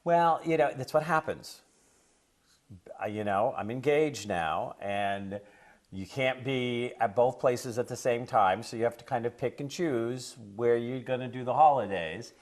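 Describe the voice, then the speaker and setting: A man talking on a radio talk show at a mid-range pitch. He rambles casually with plenty of fillers. When he starts lecturing, he turns insistent and preachy. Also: unhurried.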